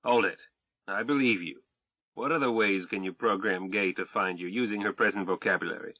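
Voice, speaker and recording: A man's voice: lowish voice, a little fast, no echo, pitched below the performer's own voice, natural voice. A man voicing a confident husband in an audiobook, wry and coaching in a teasing way, on a dull, dry recording.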